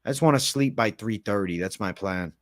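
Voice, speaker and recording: With a lowish voice and a fairly quick pace, this MMA livestream host chats easily through a late-night Q&A, fielding viewer questions in relaxed slang.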